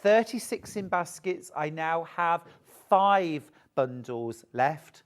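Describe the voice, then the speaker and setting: A woman's voice: lowish voice, animated, takes it slowly. A woman presenting live on a TV shopping channel, gushing over the products and urging viewers to buy. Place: TV studio.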